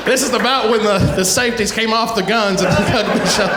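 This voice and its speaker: A middle-aged man doing a stand-up comedy set, telling a family story with quick asides and chuckles. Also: high voice, a crowd in the background, background noise. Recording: echoey live room.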